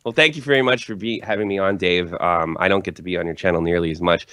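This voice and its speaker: A man's voice: low voice, quick pace, a bit bright, clear, resonant tone, no echo. A hungover man talking hockey as a guest, rambling and swearing, with many fillers and restarts. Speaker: hockey channel host, guest. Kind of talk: casual chat. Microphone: Skype call.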